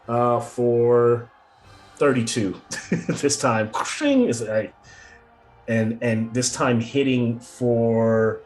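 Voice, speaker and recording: A man's voice: mid-range voice, darkish tone. A man narrating a tabletop game as game master, rambling with many fillers and frequent chuckles.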